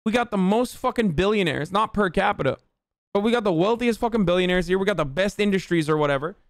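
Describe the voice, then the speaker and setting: A man's voice: high-pitched, expressive, fast, no room sound, clean studio sound. A man streaming live, ranting with heavy profanity and answering his chat. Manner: reads viewer chat aloud and answers it. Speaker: livestreamer. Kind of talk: livestream rant and chat replies.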